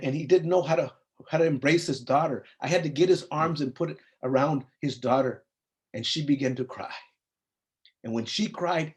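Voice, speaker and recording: A man in his fifties from California, a psychologist telling an earnest personal story at a briefing and acting out the dialogue. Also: on the high side. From US (Compton, California). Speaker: psychologist and program founder.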